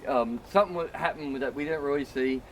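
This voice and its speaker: A man's voice: medium pitch, fairly quick, a little hiss or hum. A middle-aged man telling a long, self-mocking story among friends, full of "um" and "you know.". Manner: rambling, filler-heavy, self-mocking. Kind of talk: casual anecdote.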